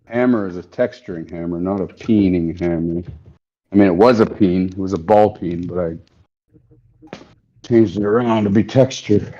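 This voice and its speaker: Man, mellow voice, casual joking livestream chat, working at the forge, dull lo-fi audio. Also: low voice, moderate pace. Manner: joking, laid-back, talks while hammering metal. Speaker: bladesmith streamer.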